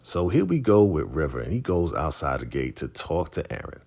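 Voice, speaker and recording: A man's voice: a bass voice, sing-song, moderate pace, gravelly, a little mellow. A man casually recapping a TV episode, retelling scenes and acting out the characters' lines. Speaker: TV show recap host.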